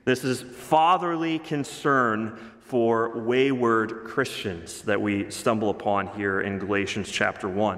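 A man preaching a sermon as pastor, emphatic, rising louder on key phrases. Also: medium pitch. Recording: long reverb of a large hall.

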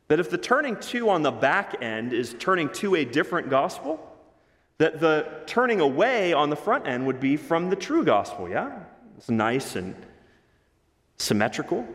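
Male pastor, sermon, emphatic, slightly high voice, long hall reverb. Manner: emphatic preaching, swells louder on key phrases.

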